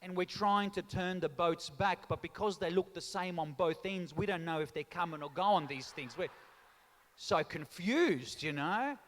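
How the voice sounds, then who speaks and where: A man's voice: sits high, moderate pace. A man doing live stand-up comedy and teasing the crowd, mixing in Italian phrases. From Australia. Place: large town hall stage. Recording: long reverb of a hall.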